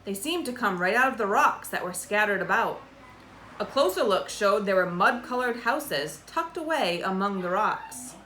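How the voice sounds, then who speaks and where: A woman's voice: mid-range voice, moderate pace, a little hiss or hum. A woman reads a children's chapter book aloud. She lifts her voice for the characters' lines and drops it for the narration. The recording has a roomy echo. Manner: lively voices for dialogue. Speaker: storybook reader.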